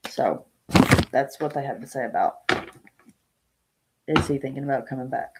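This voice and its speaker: A woman's voice: a bass voice, animated, moderate pace, very noisy. A woman reading tarot cards on a casual live stream, chatting with viewers by name and thinking aloud as she lays out the cards. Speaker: tarot reader.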